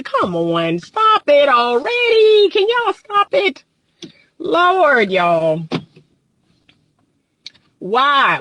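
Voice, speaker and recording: A woman's voice: sits high, fairly bright tone, no room sound. A woman relationship coach, giving an emphatic live-streamed talk and repeating her points for emphasis. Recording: dry close phone mic.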